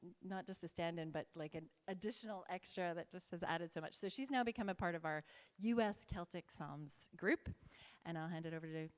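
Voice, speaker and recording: A woman's voice: on the low side, a little fast. Chatty woman presenter in a reverberant hall. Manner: chatty, self-correcting. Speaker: workshop leader. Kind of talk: presenting a church workshop. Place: large conference hall. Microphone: handheld microphone.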